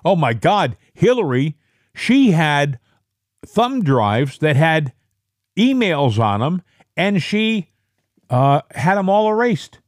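Lively, indignant talk show host. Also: male voice, on the high side, slow, no echo, clean studio sound. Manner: indignant, rambling. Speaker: podcast host. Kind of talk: political talk show chat.

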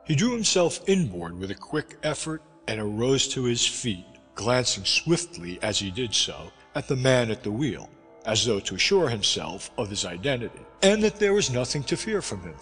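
Expressive male storyteller, reverberant sound. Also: medium pitch, moderate pace. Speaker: audiobook narrator. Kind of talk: scripted narration. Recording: reverberant with music behind.

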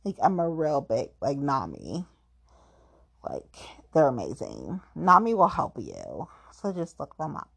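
A woman's voice: low-pitched, wildly swooping pitch, unhurried, gravelly, slightly rough. A woman chatting casually, rambling and filling her talk with "like", playfully self-mocking. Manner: rambling, heavy use of "like"; playful, self-mocking about being petty. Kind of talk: casual chat.

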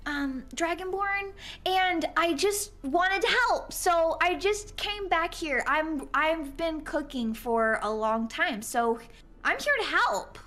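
A woman's voice: very high-pitched, expressive, slow pace, a bit bright. A woman playing her character in a tabletop game, upbeat and friendly. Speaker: player.

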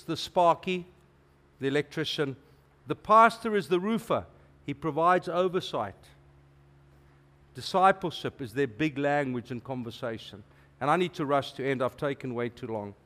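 A middle-aged man, preaching a sermon as a guest preacher in an animated, emphatic way with playful asides. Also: a little high.

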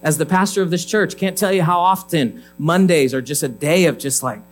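A man's voice: fairly high pitch, brisk, slight background noise, low-quality recording. A male pastor giving a conversational sermon, telling a story and acting out the people in it. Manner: conversational, animated, acts out dialogue.

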